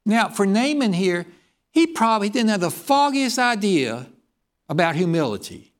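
Male preacher with a lively, swooping pitch, asks the room questions as he goes. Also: normal speed. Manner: reads scripture aloud in King James wording. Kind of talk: sermon.

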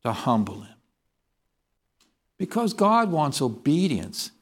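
Male preacher with a lively, swooping pitch, asks the room questions as he goes. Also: slow. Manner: reads scripture aloud in King James wording. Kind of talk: sermon.

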